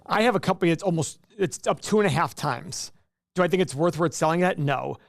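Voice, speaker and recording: A man hosts a casual investing livestream, chatting and joking with viewers and frequently restarting his sentences in a chatty, jokey, self-interrupting way. His voice is a little high with vocal fry, and he speaks at a quick pace. The studio-quality sound has no room sound.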